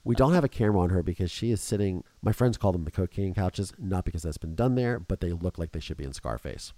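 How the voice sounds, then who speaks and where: Deep, animated man on a podcast. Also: quick pace, no echo. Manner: animated, emotional storytelling. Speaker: podcast host. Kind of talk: casual podcast chat.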